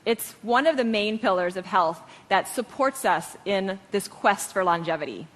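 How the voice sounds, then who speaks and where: A woman's voice: medium pitch, lively intonation, normal speed, long reverb tail. A woman physician explaining medical procedures matter-of-factly in a stage talk.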